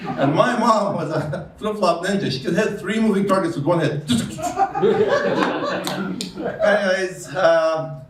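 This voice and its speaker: A man's voice: sits high, moderate pace. Man, stand-up comedian, chatty, rambling, heard from across the room, faint background noise. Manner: rambling, chatty, laughs at his own jokes. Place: comedy stage before a live audience. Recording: roomy sound from a distance with faint noise.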